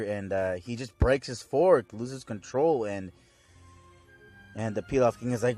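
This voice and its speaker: A man's voice: on the low side, fairly even intonation, unhurried, dark tone, faint music behind. A young man casually recapping a cartoon episode, rambling and laid-back, full of fillers. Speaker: fan video reviewer.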